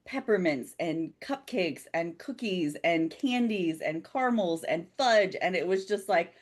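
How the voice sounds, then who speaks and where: Woman, game master, low voice, giggly, chatty, casual. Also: lively intonation, measured pace. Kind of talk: casual chat and game narration.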